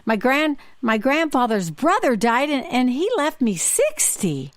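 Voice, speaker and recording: A woman's voice: high voice, big pitch swings, a little slow, dry recording, clean studio sound, voice pushed up. A woman voicing a glum man who speaks in a mopey, matter-of-fact way. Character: glum man who keeps inheriting money.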